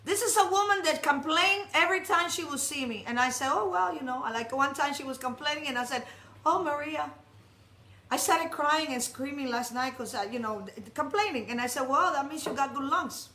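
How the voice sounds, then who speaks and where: Female preacher with a high voice, animated and humorous storyteller, echoey worship hall. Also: a little fast. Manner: animated, jokey storyteller with many restarts. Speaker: speaker at a congregation. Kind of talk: storytelling sermon.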